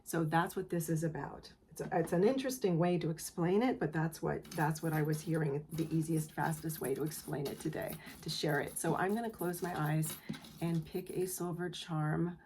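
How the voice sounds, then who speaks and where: A woman's voice: low voice, fairly even intonation, normal speed, slight background noise. A woman hosting her own channel, giving an earnest, affirming tarot reading to her viewers, moved close to tears. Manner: gentle, earnest, affirming; emotional, near tears. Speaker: tarot reader, channel host. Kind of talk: spiritual tarot reading to camera.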